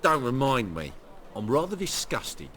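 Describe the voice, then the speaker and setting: A wry shapeshifter merchant. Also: male voice, mid-range voice, sing-song, measured pace, a bit bright, a little hiss or hum. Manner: wry, rueful and self-mocking. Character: weary middle-aged male shapeshifter posing as a ruined merchant. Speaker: game character. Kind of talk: video game voice acting.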